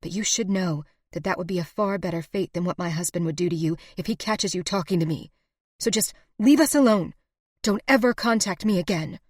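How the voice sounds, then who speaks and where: A woman voicing a defiant young frontier wife who speaks heatedly and forcefully. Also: mid-range voice, moderate pace, dry recording, studio quality, voice pushed up, natural voice.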